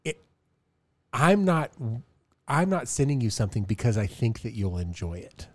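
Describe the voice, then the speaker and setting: A middle-aged man co-hosting a podcast in casual chat, telling stories with quick self-deprecating asides. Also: mid-range voice, very animated, very noisy. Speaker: podcast co-host.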